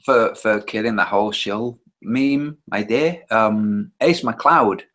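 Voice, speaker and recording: A man chatting quickly in a casual hangout on a video call. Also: on the low side, a bit bright. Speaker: hangout participant. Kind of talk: casual chat.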